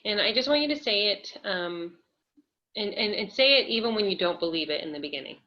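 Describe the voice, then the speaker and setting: A woman energy healer guiding a listener gently, with a coaxing, hesitant way of talking. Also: medium pitch, animated, a little fast. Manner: gentle, coaxing, many fillers and laughs. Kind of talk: live energy healing session. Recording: dull lo-fi audio.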